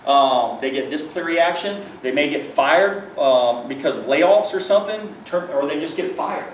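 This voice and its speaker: Man, fairly high voice, training lecture, frequent "okay?" check-ins, distant mic, very echoey room. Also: expressive, moderate pace. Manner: storytelling with acted quotes. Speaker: workplace safety trainer, former police liaison officer. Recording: echoey room, far from the mic, faint noise.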